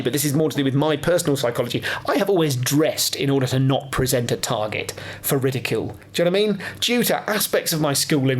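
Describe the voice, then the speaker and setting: A man hosting a podcast, talking in an earnest, impassioned and self-deprecating solo monologue with frequent swearing. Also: mid-range voice. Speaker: podcast host.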